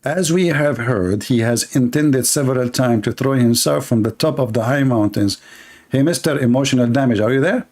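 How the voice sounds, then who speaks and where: A man's voice: medium pitch, moderate pace, darkish tone. Brief: male debate host, Arabic accent, sarcastic and mocking, mid-range voice. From Middle East. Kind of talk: live debate.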